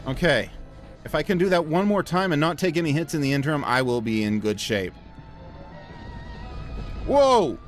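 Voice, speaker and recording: A man's voice: on the high side, quick pace, faint music behind. A young man giving casual, joking commentary over a video game he is playing. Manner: self-deprecating, joking, reads game lines aloud in silly voices. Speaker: gameplay commentator. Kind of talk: casual let's-play commentary.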